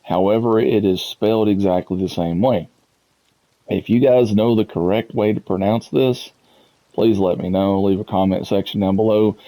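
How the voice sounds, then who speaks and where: Gaming YouTuber, man, low mellow voice, chatty and amused. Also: steady tone, normal speed, poor audio. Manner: chatty, amused, laughs often. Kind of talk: casual chat to viewers.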